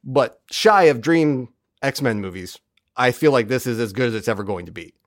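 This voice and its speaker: A man's voice: medium pitch, normal speed, no room sound, studio quality. A man co-hosting a podcast, recapping an episode in casual chat and acting out the characters' lines as he goes. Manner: animated, acts out characters' lines while recapping. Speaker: podcast co-host.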